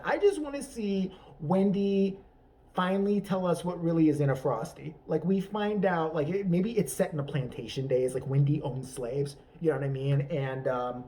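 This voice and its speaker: Laughing at his own jokes, a man rambles through a profane, improvised comedy rant as a vlogger. The mic sits at a distance, catching his fairly high-pitched, dark-toned voice.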